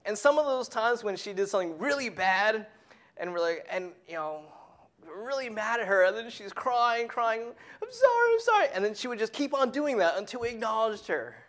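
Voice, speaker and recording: A preacher giving a sermon who tells a family story and drops to a hushed whisper on key points. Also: medium pitch, lively intonation, moderate pace.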